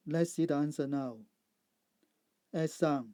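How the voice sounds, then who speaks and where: A man narrates a pronunciation lesson very slowly, laying out each sound and example word with deliberate care. His voice is mellow and a little high, recorded close up in a dry, dead room. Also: dry recording. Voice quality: measured, deliberate word-by-word delivery. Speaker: English pronunciation teacher. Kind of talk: slow instructional narration over slides.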